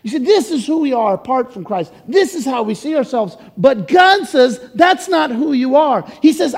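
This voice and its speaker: A man preaching a sermon in a church, emphatic, swinging from loud to hushed. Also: very high-pitched, expressive, normal speed, gravelly, few pauses, long reverb tail. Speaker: pastor. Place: church sanctuary.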